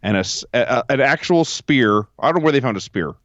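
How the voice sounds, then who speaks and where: A man co-hosting a podcast from home, recapping events in a sarcastic, deadpan way during casual chat. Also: mid-range voice, fairly quick, no room sound, lo-fi sound. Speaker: podcast co-host.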